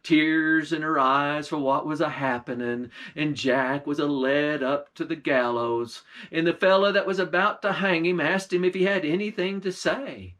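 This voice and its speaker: A man's voice: fairly high pitch, moderate pace, hardly any pauses, fairly bright tone. A man, a pastor, telling a folktale in a folksy, old-time dialect. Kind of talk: folktale storytelling.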